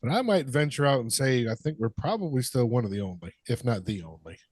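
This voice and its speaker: A man's voice: medium pitch, lively intonation, fast, darkish tone, husky, dry recording. Laid-back man on a dry mic. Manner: laid-back, swearing, agreeable. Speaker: podcast co-host. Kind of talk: casual chat.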